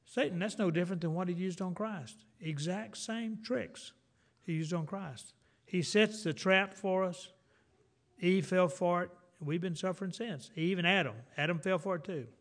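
A middle-aged man preaching a sermon in a folksy, conversational way, telling personal stories and reading scripture slowly and with emphasis. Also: a little high, fairly bright tone.

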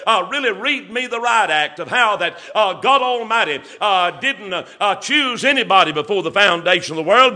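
A man preaching a sermon, stretching his words with many "uh" pauses and building to emphatic bursts. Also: sits high, pushed and bright.

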